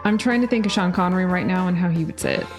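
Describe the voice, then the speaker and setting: A woman's voice: on the low side, very fast. A woman co-hosting a music reaction show who chats casually, teases her co-host and asks playful questions. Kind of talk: casual chat reacting to songs.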